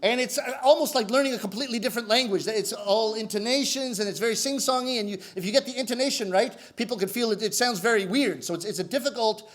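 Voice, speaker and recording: A middle-aged man, a rakugo comedian, telling funny stories to camera in an animated way, acting out the voices he quotes. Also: extremely high pitch, fast talker, hardly any pauses. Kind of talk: comic storytelling to camera.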